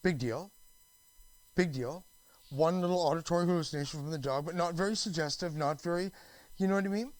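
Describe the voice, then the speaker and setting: Rambling, cursing man with a higher voice. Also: quick pace, no room sound, poor audio. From Canada. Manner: meandering, swearing, many restarts and fillers. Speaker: vlogger. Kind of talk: rambling monologue.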